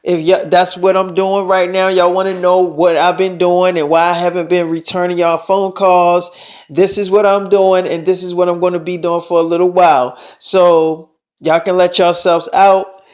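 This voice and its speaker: A man's voice: high-pitched, flat delivery, normal speed, a little mellow, natural voice. A man voicing a bossy, demanding young woman pop star who talks in a curt, commanding way.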